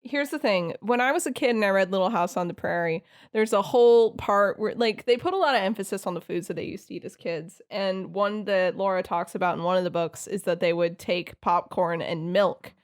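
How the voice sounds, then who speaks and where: Curious woman chatting on a podcast. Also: medium pitch. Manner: curious, quick to laugh, questioning. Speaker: podcast co-host. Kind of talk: casual chat.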